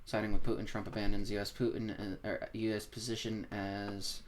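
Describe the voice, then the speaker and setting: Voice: deep voice, little pitch movement, a little fast, slight background noise. A streamer commenting live, distracted and thinking aloud while searching, with casual swearing. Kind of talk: livestream commentary.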